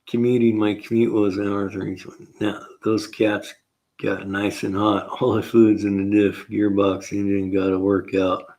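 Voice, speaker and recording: An older man with a fairly low, easygoing voice hosts a car repair show. He rambles through his shop stories, chuckling often and acting out his own lines in casual shop talk. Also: flat delivery, moderate pace, a little mellow.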